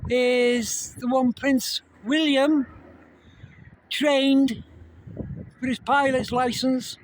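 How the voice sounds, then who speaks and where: A man's voice: very high voice, little pitch movement, very slow, rough recording. A man filming outside on his phone, chatting casually and rambling as he talks the viewer through what he sees. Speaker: vlogger. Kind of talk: casual outdoor commentary. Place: outdoors in the wind. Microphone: phone, cupped by hand. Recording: windy phone recording with helicopter noise. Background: wind and helicopter rotor noise.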